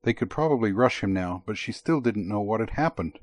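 A man narrating an audiobook in a steady, even tone. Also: fairly low pitch, fairly quick, no echo.

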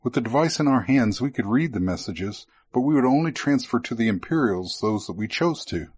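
Man doing a fussy lizardfolk inventor, raised pitch, husky, eager and explaining, audiobook character. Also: lively intonation, fairly quick, a little mellow, no echo. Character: fussy male lizardfolk gadget technologist.

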